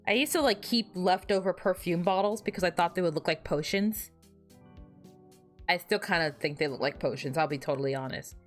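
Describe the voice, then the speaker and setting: Hoarse young woman rambling on stream. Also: fairly low pitch, brisk, faint music behind. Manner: rambling, self-deprecating, frequent restarts and fillers. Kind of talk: casual livestream chat.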